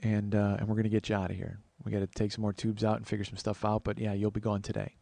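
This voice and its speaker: A man's voice: fairly low pitch, monotone, fast talker, gravelly, warm tone, no room sound. A man in his forties telling stories in a casual podcast monologue. He chats freely, swears offhandedly and acts out the people he quotes. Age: 40s. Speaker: podcast host.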